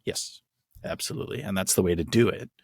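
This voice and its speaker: A man with a very low, husky voice co-hosts a podcast. He talks enthusiastically, rambling through his points with restarts. The sound is dry and close. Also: a little fast, no room sound. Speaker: podcast co-host. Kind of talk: casual chat.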